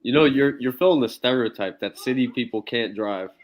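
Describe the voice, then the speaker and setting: A man's voice: mid-range voice, brisk. A man co-hosting a podcast, teasing and joking in casual banter. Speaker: podcast co-host.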